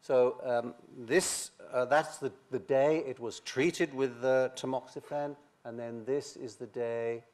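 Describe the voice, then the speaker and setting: An older man giving a science lecture, halting, with many pauses and restarts. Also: mid-range voice, a little mellow. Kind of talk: academic lecture.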